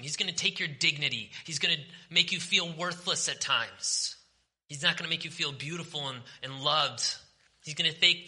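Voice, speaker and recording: A male pastor preaching a sermon with passion, moving from forceful declarations down to hushed, almost whispered lines. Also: on the high side. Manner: impassioned, swings from forceful preaching to near-whispers.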